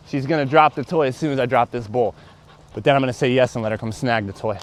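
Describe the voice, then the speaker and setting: A man's voice: quick pace, slight background noise. A young man, a dog trainer, talking casually through each step of a training session while walking his dog outdoors. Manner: explains steps aloud, breaks into high excited praise for the dog. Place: outdoors on a walking path and grass.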